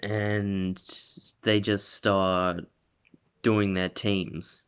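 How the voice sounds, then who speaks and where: A young man with a low, smooth voice retells a fan story at an unhurried pace. He rambles, piles on "like," and keeps correcting himself mid-sentence. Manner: rambling, full of "like" and self-corrections. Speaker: video creator.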